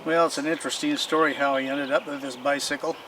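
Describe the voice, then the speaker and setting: A man's voice: fairly high pitch, little pitch movement, fast. A man casually showing off his old bicycles and telling stories in a rambling, folksy way, recorded outdoors. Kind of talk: casual show-and-tell storytelling. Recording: distant mic with clear outdoor noise.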